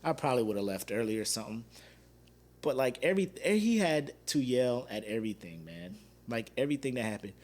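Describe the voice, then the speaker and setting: A man's voice: mid-range voice, fairly quick. A man in his thirties hosting a casual podcast, telling a story with laughs and acted-out quotes. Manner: animated, laughs often, acts out quoted fans. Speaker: podcast host.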